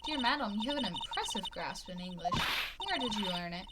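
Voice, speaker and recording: A woman's voice: medium pitch, lively intonation, a little fast, heavy background noise, lightly acted. Woman doing a haughty old village matron. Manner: formal, condescending, overly polite. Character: stern, haughty older woman, keeper of village traditions.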